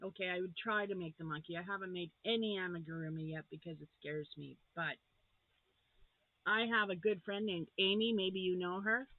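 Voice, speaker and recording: A woman's voice: fairly low pitch, a little fast, dry recording. A woman vlogger chatting casually as she unboxes crochet gifts, gasping and gushing with delight. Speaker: crafting vlogger. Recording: tinny phone-like sound.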